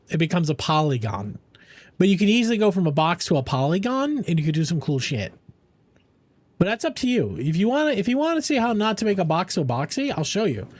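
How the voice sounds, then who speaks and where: A playful young man chats with his stream audience while he plays, rambling from joke to joke. His voice sits high. He talks with a lively, swooping lilt. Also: dry recording. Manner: playful, rambling, answers chat and jokes around. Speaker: game streamer. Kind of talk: casual live-stream chat.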